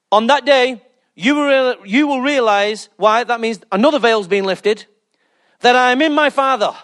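A male pastor preaching a lively sermon, calling out to the congregation for responses. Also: sits high. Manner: exuberant, calls for responses with "Amen".

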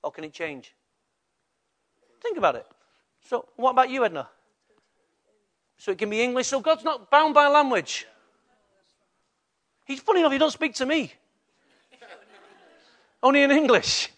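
An older man with a Mancunian accent, a pastor preaching a lively sermon and putting questions to the congregation in church. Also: very high-pitched, normal speed, pauses often.

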